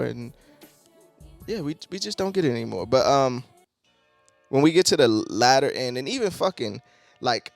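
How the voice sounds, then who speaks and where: Casual male album reviewer, mid-pitched, salty and rambling, faint beat underneath. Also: expressive, a little fast, gravelly, soft background music. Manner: loose, profane, heavy on "like". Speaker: music reviewer.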